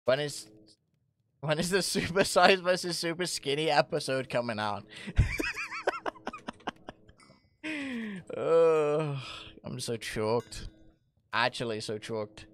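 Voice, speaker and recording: A man's voice: fairly high pitch, unhurried. A young man live-streaming a game, reading chat aloud and answering in a jokey, self-mocking way with plenty of swearing. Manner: jokey, self-mocking, swears a lot, bursts into loud laughs.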